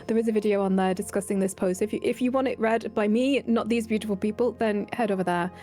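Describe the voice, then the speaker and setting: A woman's voice: mid-range voice, fairly even intonation, fast talker, warm tone. A woman speaking as a podcast guest in casual chat, theatrical and fond of calling people darling.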